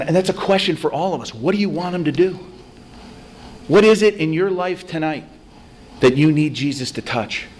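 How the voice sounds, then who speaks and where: A man giving a conversational, self-deprecating spiritual talk to a recovery group, telling stories with animated energy. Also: on the high side, slight background noise. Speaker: recovery meeting speaker.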